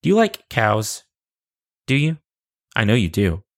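A man's voice: fairly low pitch, very animated, measured pace. A young man hosting a podcast, chatting casually in a goofy, self-deprecating way. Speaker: podcast host.

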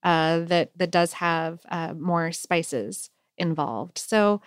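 A woman's voice: fairly low pitch, takes it slowly, smooth, dry recording, clean studio sound. A woman co-hosting a podcast, chatting casually and reading listener mail, with many "like"s and "um"s. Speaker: podcast co-host.

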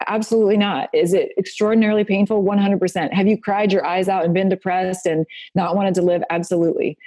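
Fast-talking woman with a mellow voice. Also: mid-range voice. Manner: animated storyteller, acts out quoted voices. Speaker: guest. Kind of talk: casual chat.

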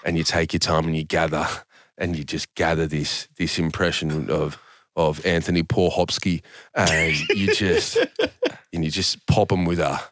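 A man's voice: extremely low pitch, a little slow, dry recording, studio quality. A man, a podcast guest telling stories with lots of laughter and swearing. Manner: laughing, animated storyteller, swears freely. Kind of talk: casual podcast chat.

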